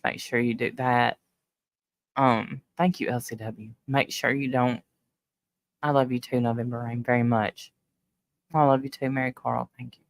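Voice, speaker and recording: A woman's voice: very deep voice, no room sound. Middle-aged woman, livestream host, teary and emotional, casual chat, dry close sound. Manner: emotional, tearful, talks directly to viewers.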